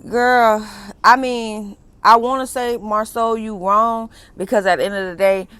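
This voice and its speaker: A woman's voice: on the high side, steady tone, unhurried, a bit bright, clear, resonant tone, no echo. A young woman, recapping a reality TV episode in a blunt, profane, sassy way and laughing often. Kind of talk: casual recap commentary.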